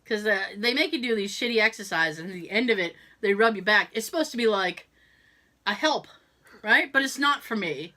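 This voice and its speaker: A woman's voice: medium pitch, animated, a little fast, bright, forceful tone. A woman co-hosting a podcast, telling a story in casual chat, swearing freely and laughing as she goes. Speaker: podcast co-host.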